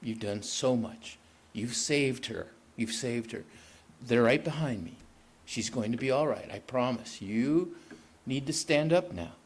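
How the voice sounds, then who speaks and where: A man voicing a calm, kind pilot. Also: medium pitch, slightly rough. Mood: reassuring. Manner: gentle, reassuring, unhurried.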